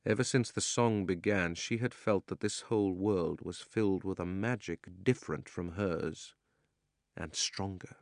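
A man reading a storybook aloud with measured, expressive narration. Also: deep voice, no echo, clean studio sound. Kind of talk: audiobook narration.

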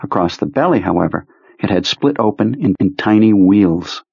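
A man narrating an audiobook in a measured, low-key storytelling manner. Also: expressive, creaky, slightly rough, no room sound. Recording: dry, slightly muffled recording.

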